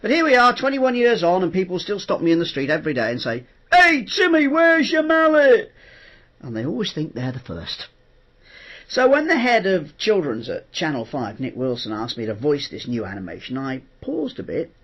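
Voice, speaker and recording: A middle-aged man chatting on his own podcast, animated and jokey, acting out quotes as he tells stories. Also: fairly high pitch, brisk, dull audio. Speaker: host. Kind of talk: chatty spoken podcast monologue.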